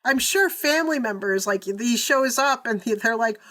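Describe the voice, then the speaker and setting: A woman's voice: fairly high pitch, lively intonation, moderate pace, bright, forceful tone. A woman co-hosting a podcast, chatting casually and reacting with frequent exclamations and swearing. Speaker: podcast co-host. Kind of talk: casual chat.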